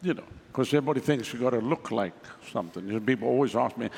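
A man's voice: mid-range voice, racing, creaky, darkish tone, in a large hall. A man preaching a sermon as pastor, talking to the congregation in a casual, wry way with mocking asides.

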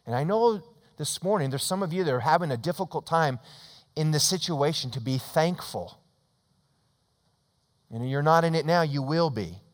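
Man, middle-aged, pastor, sermon, storytelling, shifts from loud to hushed, long church-hall reverb. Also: fairly high pitch, expressive, normal speed, pauses often. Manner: storytelling with swings between loud emphasis and hushed tones. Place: church sanctuary.

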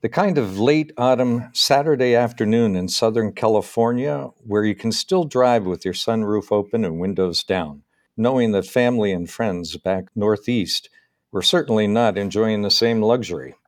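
A middle-aged man from the northeastern US, reading a personal story aloud in a measured, unhurried way with small pauses. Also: on the low side.

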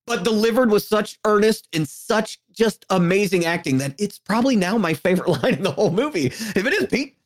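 Animated, enthusiastic film-chat voice. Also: medium pitch, brisk, few pauses. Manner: enthusiastic, rambling, swears for emphasis. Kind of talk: casual movie chat.

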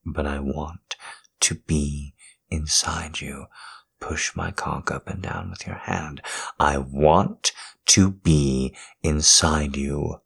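Man, whispered role-play, very deep voice, husky, unhurried, coaxing murmur. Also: steady tone, fairly bright tone. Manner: slow, intimate, coaxing murmur shifting between whisper and low voice. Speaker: audio role-play performer.

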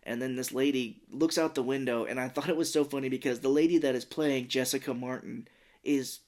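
A man's voice: mid-range voice, fairly even intonation, fairly quick, darkish tone. A man in his thirties co-hosting a casual movie podcast, recapping scenes at length and acting out lines in silly voices. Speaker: podcast co-host. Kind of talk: casual movie-review chat.

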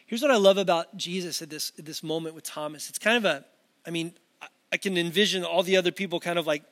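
A man's voice: high voice, quick pace, fairly bright tone. A man preaching a sermon to a camera, talking in a conversational, earnest way with frequent restarts and asides. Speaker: pastor.

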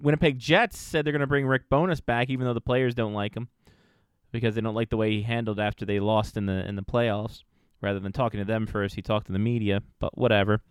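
A man's voice: fairly low pitch, fairly even intonation, fast, clean tone, no room sound, clean studio sound. A man co-hosting a casual hockey podcast, rambling with fillers and swearing freely. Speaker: podcast co-host. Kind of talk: casual sports chat.

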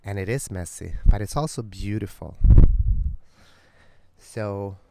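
A man's voice: lowish voice, takes it slowly, creaky, very noisy. Earnest man hosting outdoors by a lake. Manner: earnest and heartfelt, breaks off to remark on his surroundings. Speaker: podcast host. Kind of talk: casual spoken monologue. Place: outdoors beside a lake in a small village.

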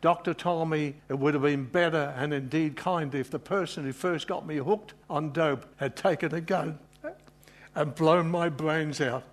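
A man's voice: fairly high pitch, unhurried. A man preaching a sermon to a live congregation, informal and emotional, with frequent fillers and self-deprecating asides.

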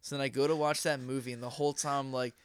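A man's voice: medium pitch, level tone, very fast, clean tone. A young man in casual podcast chat, rambling with lots of slang and filler words.

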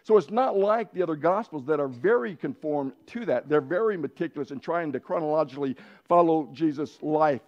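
A man teaching a Bible class in a relaxed, conversational way, often restarting his sentences. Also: fairly high pitch, brisk, muffled recording. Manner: conversational, frequent restarts and self-corrections. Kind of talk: casual Bible lesson.

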